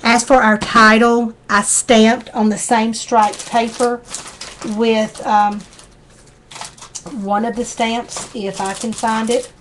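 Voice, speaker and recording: A woman's voice: a little high, level tone, takes it slowly, a bit bright, slight background noise. Folksy Southern woman demonstrating crafts. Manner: chatty, folksy, talks while working. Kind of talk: live craft tutorial.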